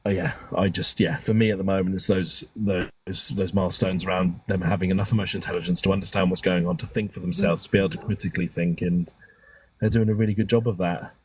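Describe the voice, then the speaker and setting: A man's voice: sits low, steady tone, quick pace, breathy edge. A man telling personal stories in a casual, open and emotional way, swearing now and then and rambling with restarts. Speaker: guest caller on a live stream.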